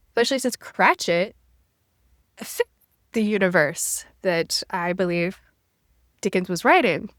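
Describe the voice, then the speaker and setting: A woman co-hosting a casual book podcast, animated and playful, sometimes mimicking voices. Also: mid-range voice, dry recording, clean studio sound. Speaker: podcast co-host.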